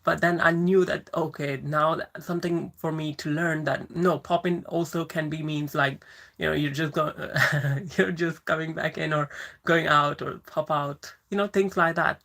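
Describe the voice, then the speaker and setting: A woman's voice: sits low, steady tone, moderate pace, a bit bright. Chatty woman hosting a live Q&A. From moved to the UK from abroad. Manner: chatty, rambling, reads out viewer comments and greets them by name. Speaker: livestream host answering viewer questions. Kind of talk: casual live Q&A chat.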